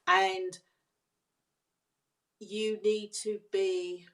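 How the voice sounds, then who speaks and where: A woman guest on a podcast interview, explaining her ideas on leadership in an earnest, measured way. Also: mid-range voice, flat delivery, a bit bright. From United Kingdom.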